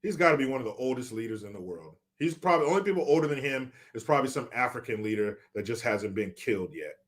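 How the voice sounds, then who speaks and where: A man's voice: medium pitch, animated, fast. A man reading viewer comments on a live stream, joking, swearing and mock-outraged.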